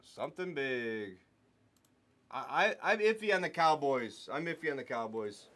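A man's voice: medium pitch, expressive, a little slow, fairly bright tone. A young man hosting a live sports card break, talking casually and joking with his viewers. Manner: chatty, jokes with viewers and talks sports. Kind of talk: casual live stream chat.

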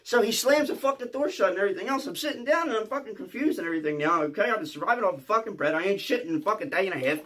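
Fast-talking, high-voiced male comic storyteller. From Philadelphia. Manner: profane, excitable, keeps asking "okay?"; stammers and restarts often. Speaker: comedian.

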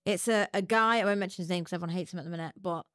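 A woman guest on a podcast, telling stories in a rambling way with quick asides and frequent laughter. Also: lowish voice, a bit bright, no room sound, clean studio sound. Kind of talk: casual chat.

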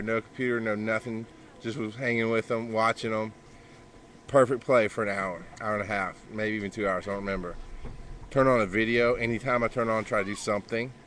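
A man's voice: on the low side, fairly bright tone, a little hiss or hum. A man talking casually to the camera in a blunt, profane way, scolding his kids between thoughts, outdoors by a pool. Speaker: podcaster and father. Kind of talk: casual vlog monologue.

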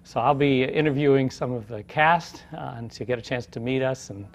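A man's voice: mid-range voice, brisk. Hesitant man hosting a local interview. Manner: hesitant, many uhs. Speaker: theater company president and host. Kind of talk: community TV interview.

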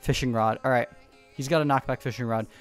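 Guy doing excitable game commentary at home, mid-pitched, repeats callouts in quick bursts. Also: smooth, soft background music. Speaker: gaming YouTuber. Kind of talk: live gameplay commentary. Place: home room.

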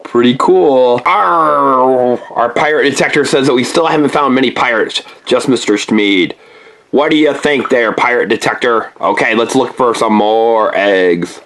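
A woman's voice: rumbling low, normal speed. A woman hosting a playful toy unboxing for children, chatting with a child helper and throwing in pirate growls.

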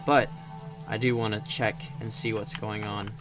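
A man's voice: fairly low pitch, flat delivery, normal speed, over music. A man casually commenting as he plays a stealth game, chatty and wisecracking, swearing whenever a plan goes wrong. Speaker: gaming YouTuber. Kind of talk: casual let's-play commentary. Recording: noticeable background noise.

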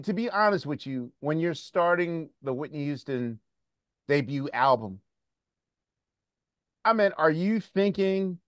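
A man's voice: mid-range voice, dry recording, clean studio sound. A man hosting a podcast interview, thinking aloud as he puts together a long, winding question. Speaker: podcast host.

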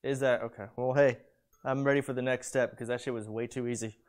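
A young man talks fast and loose in a home kitchen, chatting while he cooks. His pitch sits mid-range, and his casual, profane banter rattles along quickly. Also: fairly even intonation. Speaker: streamer. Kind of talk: casual chat while cooking.

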